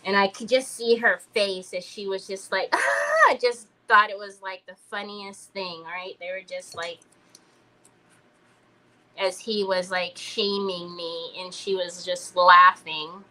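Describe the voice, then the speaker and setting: Chatty bright-voiced woman in her fifties. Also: mid-range voice, level tone, a little slow, poor audio. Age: 50s. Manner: chatty, rambling, addresses viewers as y'all. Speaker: crafting livestream host. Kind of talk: casual storytelling while crafting.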